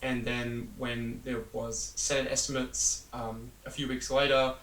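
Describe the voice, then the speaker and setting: A man's voice: mid-range voice, little pitch movement, measured pace, fairly bright tone. A man working as a journalist explains his reporting in a rambling, conversational way, full of fillers and little asides. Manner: rambling with many fillers, laughs at absurdity. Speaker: journalist being interviewed. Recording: roomy echo, distant mic, faint hiss.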